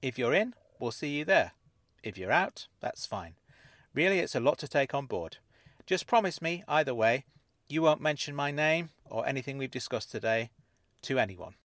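A man voicing a calm, composed woman who claims she is not human, speaking in a measured, unruffled way in an audiobook story. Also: medium pitch, no room sound, clean studio sound, voice pushed up. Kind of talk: audiobook character voice.

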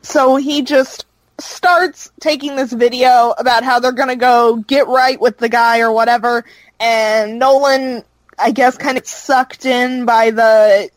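A woman's voice: on the high side, fairly even intonation, a little slow, no room sound, low-quality recording. A woman casually recapping a show's plot, rambling with fillers as she goes. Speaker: podcast co-host recapping a show. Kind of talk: casual chat.

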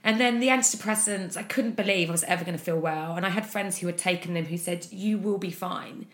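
Low-voiced woman, frank and halting. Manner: frank and open, halting with fillers. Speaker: interview guest. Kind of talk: candid personal account. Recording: echoey room.

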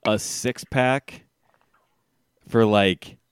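A man's voice: fairly low pitch, steady tone, extremely slow, clear, resonant tone, no echo, clean studio sound. A man in his forties co-hosting a podcast in casual chat, joking, swearing freely and laughing often. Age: 40s. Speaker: podcast co-host.

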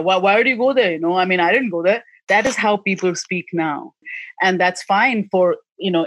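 A woman's voice: low voice, no room sound, rough recording. A woman, answering interview questions as a film director in a passionate, emphatic way with frequent restarts. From India.

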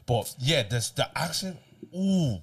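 This young man from Ireland has a mid-pitched voice that swings up and down lively as he talks. He tells stories in a relaxed way, often starting a sentence over, and laughs now and then. The talk is a casual chat on a podcast he co-hosts. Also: fairly quick. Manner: restarts often, laughing storyteller.

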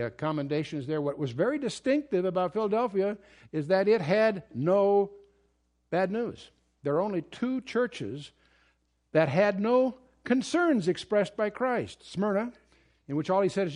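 Male Bible teacher, fairly high voice, emphatic lecturing delivery with frequent restarts. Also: darkish tone. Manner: earnest, emphatic, with restarts and asides. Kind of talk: verse-by-verse Bible study lecture.

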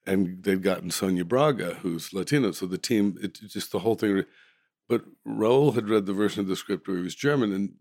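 A man's voice: low voice, fairly quick, a little mellow, dry recording, clean studio sound. A man, an actor, casually telling rambling, amused stories from a film shoot, often restarting his sentences. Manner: rambling, self-correcting, amused. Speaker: actor guest. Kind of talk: casual anecdotal storytelling.

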